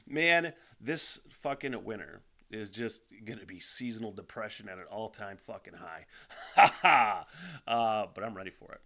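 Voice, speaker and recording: A man's voice: fairly low pitch, animated, normal speed, pushed and bright. A man hosting his own podcast from a home studio, rambling casually and swearing freely, often sighing and laughing between thoughts. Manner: rambling, profane, frequent sighs and laughs. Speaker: podcast host.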